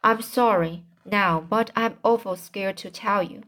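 A woman's voice: medium pitch, a little slow, fairly bright tone, lightly acted. A woman voicing a mischievous small boy who confides and pleads in a storybook reading. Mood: sheepish.

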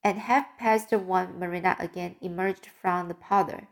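A woman's voice: on the low side, steady tone, moderate pace, vocal fry, few pauses. A woman reading a classic novel aloud as an audiobook. She often stops and restarts words. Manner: careful, with frequent restarts of words. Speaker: audiobook reader. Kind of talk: audiobook narration.

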